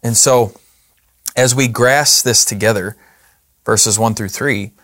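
A man's voice: on the low side, slow, a bit bright, dry recording, studio quality. A man co-hosting a casual Bible discussion, talking in a loose, conversational way with frequent restarts and asides. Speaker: Bible study co-host.

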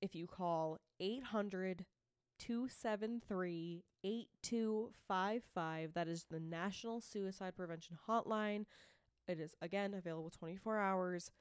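A woman with a Boston accent co-hosts a casual podcast, chatty and quick to laugh, turning earnest for serious moments. Her voice sits at a middle pitch. The recording is dry and close, with no room sound. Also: smooth, dry recording. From Massachusetts. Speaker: podcast co-host. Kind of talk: casual chat.

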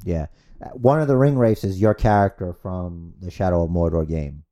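A man's voice: low voice, moderate pace, dark tone. A man co-hosting a podcast in casual, rambling chat, swearing freely and acting out scenes as he tells them. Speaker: podcast co-host.

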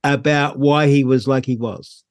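A man's voice: medium pitch, steady tone, a little slow. A man hosting an interview, asking brief prompting questions and giving short acknowledgements. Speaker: interview host.

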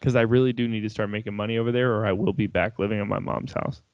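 Gravelly low-voiced young man chatting. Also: steady tone, quick pace, darkish tone, no room sound, dull audio. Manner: laid-back, swearing, laughing easily. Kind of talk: casual chat.

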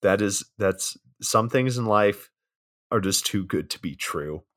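Guy on a podcast with a lowish voice, chill, swears a lot while recapping a movie. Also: expressive, a little slow, a bit bright. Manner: laid-back plot recap, swears often. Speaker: podcast co-host. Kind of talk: casual movie review chat.

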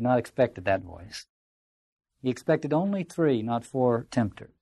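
Mellow-voiced male literature lecturer. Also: medium pitch, expressive, unhurried, creaky, husky, no room sound. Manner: reads quotations aloud with theatrical emphasis, then explains them plainly. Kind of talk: lecture with dramatic readings of quoted passages.

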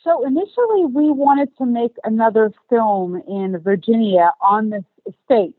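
A woman from Australia with a light Australian accent tinged with British, chatting as an actress and producer in an interview, laughing often and filling pauses with ums. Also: on the high side, no room sound. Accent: light Australian mixed with British. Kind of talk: casual interview chat. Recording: dry phone-like line.

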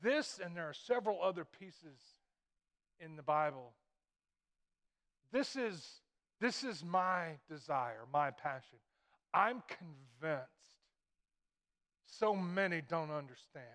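Middle-aged male pastor with a high voice, emphatic sermon delivery that repeats key phrases. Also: animated, slow, pauses often, fairly bright tone.

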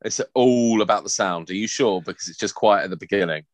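A man's voice: lowish voice, brisk, dry recording. A man co-hosting a podcast, giggly and swearing casually. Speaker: podcast co-host. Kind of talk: casual comedic chat.

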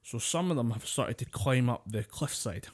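A man's voice: mid-range voice, expressive, moderate pace, breathy edge. A man co-hosting a casual podcast, telling a story with a lot of swearing and laughter. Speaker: podcast co-host. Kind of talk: casual chat.

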